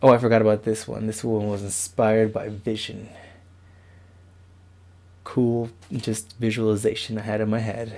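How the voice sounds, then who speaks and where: A man's voice: lowish voice, little pitch movement, moderate pace, creaky, pauses often, a little mellow. A young man casually rambling through a tour of his bedroom walls, loose and self-mocking, recorded on a camera mic. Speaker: vlogger. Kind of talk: casual room-tour vlog. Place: bedroom at home.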